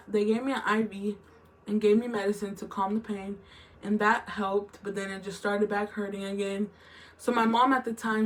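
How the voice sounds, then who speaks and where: A young woman telling a long, emotional story in a rambling vlog style, full of fillers and restarts. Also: fairly high pitch. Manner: rambling, emotional retelling with lots of "like" and "literally". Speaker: vlogger.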